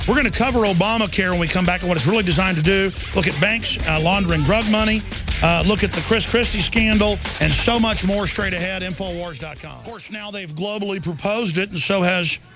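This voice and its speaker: A man's voice: high voice, a little fast, over music. A man hosting a talk radio show, delivering an urgent, alarmed monologue with sarcastic asides.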